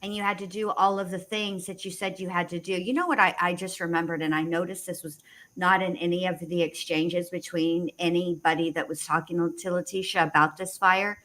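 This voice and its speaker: A woman co-hosting a casual livestream, talking in rushed restarts with sarcastic asides. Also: fairly low pitch, flat delivery, a bit bright. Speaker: co-host.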